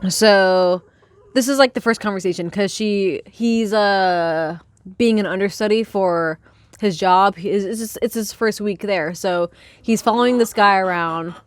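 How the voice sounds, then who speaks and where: A woman hosting a book club podcast in a rambling, excitable, casual chat, swearing freely, outdoors by a chicken coop and filmed on a handheld phone. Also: mid-range voice, unhurried. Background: chickens clucking.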